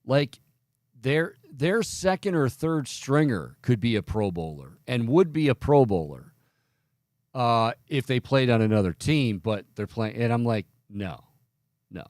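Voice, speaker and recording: This sports radio host talks in an animated, unhurried, slightly mellow mid-range voice from a radio studio. He rambles, voices strong opinions, and frequently interrupts himself mid-sentence, captured in a dry, clean studio recording.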